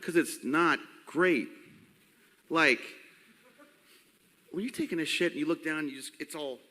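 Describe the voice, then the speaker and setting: A man's voice: on the high side, a little slow, bright, forceful tone, big-room sound. A man in his forties with a cracking, unsteady voice, telling crude jokes on a convention panel stage. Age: 40s. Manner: joking, rambling, crude. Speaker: panel host. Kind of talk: comedic live panel talk. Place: convention stage before a crowd. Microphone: handheld mic.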